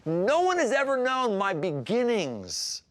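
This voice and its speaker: A man's voice: high-pitched, wildly swooping pitch, a little slow, fairly bright tone, dry recording, pitched above the performer's own voice, full character voice. A man voicing God as a grand, boastful, self-assured figure, told inside a sermon. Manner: boastful and exuberant.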